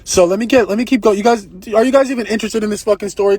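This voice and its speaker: High-voiced man rambling on a livestream. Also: rapid-fire, breathy edge, no echo. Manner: profane, rambling, excitable. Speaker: live-streamer. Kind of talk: casual live-stream storytelling. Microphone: phone.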